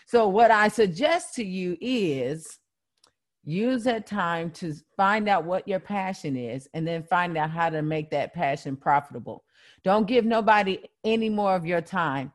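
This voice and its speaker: A woman's voice: fairly low pitch, animated, unhurried. A female podcast co-host giving firm advice in casual talk. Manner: firm, advising. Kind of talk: advice segment.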